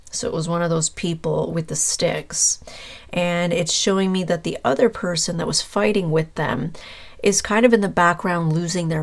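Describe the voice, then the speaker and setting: Low-voiced woman giving a tarot reading. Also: creaky. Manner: rambling, conversational, searches for words with fillers. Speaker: tarot reader. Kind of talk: casual channeled tarot reading.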